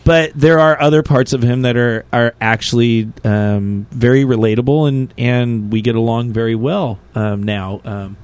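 A man's voice: medium pitch, steady tone, moderate pace, few pauses, darkish tone, no room sound. Joking man podcast co-host. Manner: joking, playful, crude humor. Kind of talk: casual chat.

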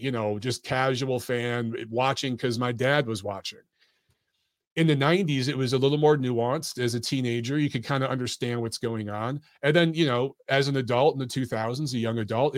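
A man's voice: medium pitch, no room sound, clean studio sound. Blunt, lecturing man in his forties. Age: 40s. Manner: blunt, lecturing, addresses listeners as guys. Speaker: podcast host. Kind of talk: opinionated boxing commentary monologue.

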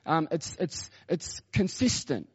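A man's voice: a little high, sing-song, slow pace, breathy edge. A man, a senior pastor telling stories in a sermon and quoting himself and others in a chatty way. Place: church auditorium. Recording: dull reverberant church hall recording.

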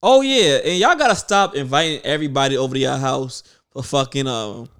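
A man's voice: medium pitch, brisk, a bit bright, clear, resonant tone. A man co-hosting a casual podcast, telling stories in loose slang with mock outrage. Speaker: podcast co-host.

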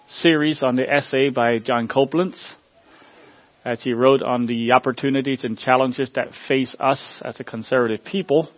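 Earnest halting male pastor. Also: medium pitch, no room sound, lo-fi sound. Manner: earnest, halting, repeats words with many uh fillers. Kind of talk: sermon with opening prayer.

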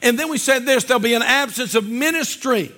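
Pastor guy preaching at church, really high voice, sharp and bright, emphatic, dips low to hammer a point. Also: a little fast. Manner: emphatic preaching, often drops to a low intense voice. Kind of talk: sermon. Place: church service.

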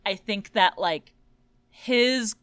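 A woman's voice: medium pitch, drawn-out words, fairly bright tone. A young woman co-hosting a podcast, musing and wry in casual book chat. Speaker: podcast co-host.

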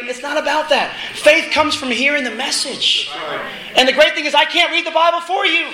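Male minister, middle-aged, casual storytelling sermon; sharp high voice, roomy recording, light background hiss. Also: a little fast. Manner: casual, animated, laughing asides. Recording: echoey room with faint noise.

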